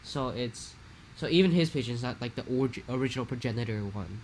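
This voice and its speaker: A young man from Hawaii, telling a rambling, animated story in a casual podcast chat. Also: medium pitch, a little fast, slight background noise. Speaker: podcast co-host.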